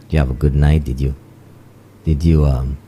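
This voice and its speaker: A man's voice: rumbling low, level tone, normal speed, mellow, a little hiss or hum. A man with a Saint Lucian accent hosting a live morning show, chatting loosely, slipping into Creole phrases and greeting listeners place by place. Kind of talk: live morning radio chat with listener shout-outs.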